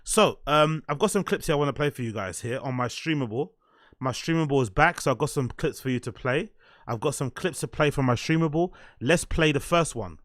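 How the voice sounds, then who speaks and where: A man talking to his stream chat with a slightly high voice, circling back over the same points. His sound is close and dry, with no room around it. He keeps putting questions to the viewers. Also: brisk, a bit bright, dry recording. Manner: rambling, repeats himself, quizzes the chat. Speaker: streamer reacting to clips. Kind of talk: casual stream commentary.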